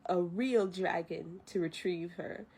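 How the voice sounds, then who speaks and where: A woman voicing a solemn, commanding male ancestor spirit, speaking slowly and sternly. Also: fairly low pitch, darkish tone, slightly rough, exaggerated voice. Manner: slow, stern, deliberate.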